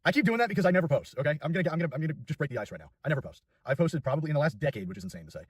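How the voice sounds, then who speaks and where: A man's voice: a little high, animated, racing, slightly rough, dry recording, recorded from a distance. A nineteen-year-old man chatting casually to camera in a rambling, self-deprecating way. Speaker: YouTuber. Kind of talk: casual vlog chat.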